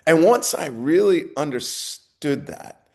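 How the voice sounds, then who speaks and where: A man's voice: a little high, animated, slow, darkish tone. A middle-aged man, a podcast guest, talking earnestly and reflectively about what he has learned. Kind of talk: casual interview talk.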